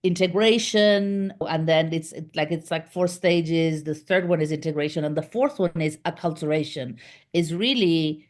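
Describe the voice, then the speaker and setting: Lower-voiced Argentine woman telling her story. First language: Spanish. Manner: rambling, many fillers and restarts. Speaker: guest, communications business founder. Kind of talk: casual interview storytelling.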